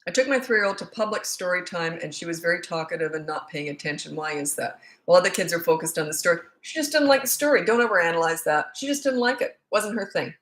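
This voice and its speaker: A woman's voice: on the low side, expressive, fast, hardly any pauses, fairly bright tone. A middle-aged woman, a parenting coach, answering questions in a casual, blunt and joking way, rambling with asides. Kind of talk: casual Q&A monologue. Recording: roomy echo.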